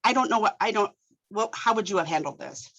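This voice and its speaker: A woman's voice: mid-range voice, lively intonation, brisk, fairly bright tone, highs cut off. A woman who runs a library tells an exasperated story in a webinar discussion over a video call. She acts out the quoted speech, with many restarts and repeated words. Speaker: library director.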